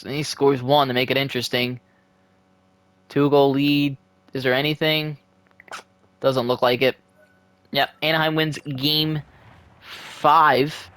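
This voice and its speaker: An excitable young man talks through a simulated hockey season at his desk microphone, cheering, groaning and swearing at the game. His voice sits at an ordinary middle pitch and is recorded dry and close, with no room sound. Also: dry recording. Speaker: gaming video creator. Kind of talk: casual play-by-play commentary of a simulated hockey game.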